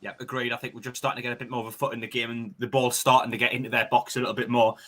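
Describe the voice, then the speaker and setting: A young man co-hosting a fan stream, chatty and quick, reading out viewer messages and giving match opinions. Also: medium pitch, flat delivery, a bit bright. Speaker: co-host reading the live chat. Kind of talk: casual fan-stream chat.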